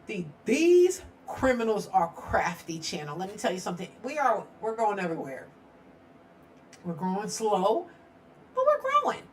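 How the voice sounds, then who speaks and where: A woman's voice: mid-range voice, sing-song, normal speed, slight background noise. A middle-aged woman hosting a casual true-crime live stream from her home studio, chatty and rambling, laughing often.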